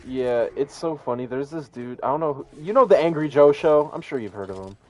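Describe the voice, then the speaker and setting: A man's voice: medium pitch, expressive, a little fast, a little mellow, highs cut off. A young man chatting casually while gaming, slangy and profane, laughing often. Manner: slangy, profane, laughs a lot, says "bro".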